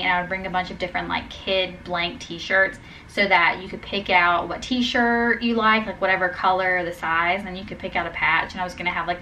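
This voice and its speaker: A woman's voice: fairly low pitch, bright, forceful tone, slight background noise, low-quality recording. A young woman chatting casually in a vlog about her small craft business, upbeat and full of fillers. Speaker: small business owner vlogging. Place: home craft studio and a fabric store.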